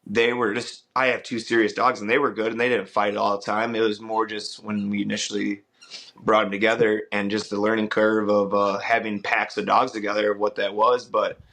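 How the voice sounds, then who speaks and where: Low, bright-voiced man telling stories. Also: little pitch movement, normal speed. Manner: rambling, restarts with "uh" and "I was like". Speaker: podcast host and dog trainer. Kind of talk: casual podcast storytelling.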